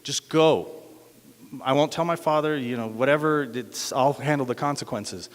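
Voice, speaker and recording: A man's voice: medium pitch, moderate pace, close to an everyday voice. A man voicing a young princess in a retold myth, speaking in his own offhand way. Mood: urging. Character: young princess helping a hero. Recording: echoey hall.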